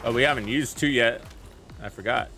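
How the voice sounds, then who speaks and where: A man's voice: medium pitch, fairly quick, sharp tone, a little hiss or hum. A man casually commenting on his gameplay and chatting about the game with viewers in a laid-back way. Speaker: gaming streamer.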